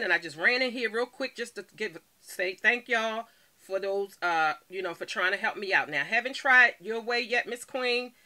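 A woman vlogs casually from home to her viewers, her mid-range voice pushed and bright. She's playful and calls everyone honey.

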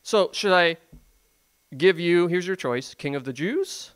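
A man's voice: fairly high pitch, normal speed, fairly bright tone, clear, resonant tone. A man playing a mocking, weary Roman governor, speaking in an offhand, sarcastic way.

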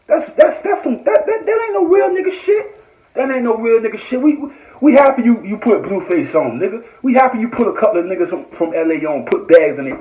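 Heated high-voiced man ranting. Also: warm tone. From Norfolk, Virginia. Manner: heated, repetitive, profane. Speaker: online commentator. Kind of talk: angry live-stream rant. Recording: echoey, dull lo-fi phone audio.

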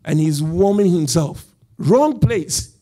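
A man's voice: sits high, lively intonation, takes it slowly, mellow. A male pastor preaching a sermon, telling the story with animation, acting out the quoted voices and laughing as he goes. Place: church.

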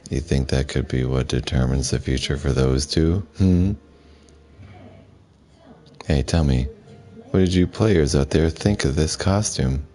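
A man streaming a video game, reading the dialogue aloud in a flat voice and adding his own casual asides. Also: very deep voice, normal speed, few pauses, soft background music. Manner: reads the subtitles aloud flatly, with asides.

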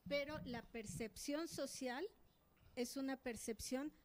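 A woman's voice: high voice, unhurried. A woman taking part in a workshop, earnestly making a point in class before putting her question to the lecturer. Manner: earnest, explains a point at length then asks. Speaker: workshop participant. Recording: distant roomy classroom recording with background noise.

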